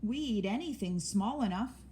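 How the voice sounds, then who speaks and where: A tiny storybook mouse with a high, squeaky, eager voice, put on by a woman. She is brave and keen on fairness, and her pitch jumps up and down a lot. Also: expressive, moderate pace, dark tone, a little hiss or hum, natural voice. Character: small brave fair-minded female mouse.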